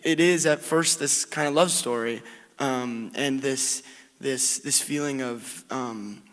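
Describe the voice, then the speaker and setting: A man's voice: medium pitch, takes it slowly, a bit bright, in a large hall. A man answering at a film Q&A, earnest and searching for words, with many restarts. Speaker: actor at film Q&A. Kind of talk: panel Q&A answer.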